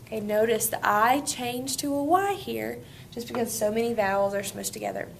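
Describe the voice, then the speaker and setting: A woman's voice: a little high, moderate pace, creaky, slight background noise. A woman teaching a Spanish grammar lesson, walking students through each step in an upbeat way.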